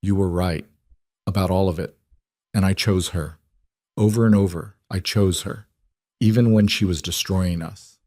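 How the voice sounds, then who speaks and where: A man's voice: sits low, fairly even intonation, normal speed, pauses often, mellow, no echo, studio quality, close to an everyday voice. A man reading a story plays a betrayed grown son whose voice turns bitter and raw. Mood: tearful. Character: betrayed grown son, angry then tearful.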